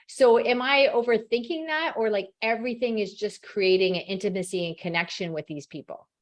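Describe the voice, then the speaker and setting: A woman's voice: mid-range voice, a little fast. A woman hosting a podcast interview, chatty and self-mocking, often laughing as she tells stories. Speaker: podcast host. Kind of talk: casual interview talk.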